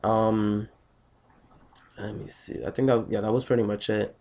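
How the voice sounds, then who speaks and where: A man's voice: lowish voice, level tone, measured pace, a little mellow. A young man just out of bed, telling a story on his vlog in a blunt, rambling, heavily profane way. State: just woken up, tired. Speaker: vlogger.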